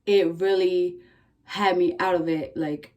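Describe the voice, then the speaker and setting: A young woman vlogging, casually telling a story in a candid, profane, animated way, full of "like" fillers. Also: lowish voice, slow, lo-fi sound.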